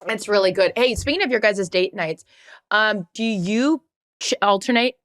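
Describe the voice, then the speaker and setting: Woman podcast co-host, mid-pitched, dry close mic, animated storyteller who acts out quotes. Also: moderate pace, no echo. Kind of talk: casual storytelling chat.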